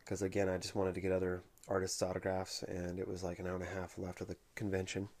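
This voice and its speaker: Flat-voiced man telling a casual anecdote. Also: low voice. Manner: unhurried, conversational storytelling. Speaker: comic collector vlogger.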